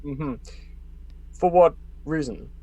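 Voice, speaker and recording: A man's voice: a little high, takes it slowly, warm tone. A man playing a tabletop game in character, laid-back and hesitant with many fillers. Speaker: player. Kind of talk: casual in-character tabletop play.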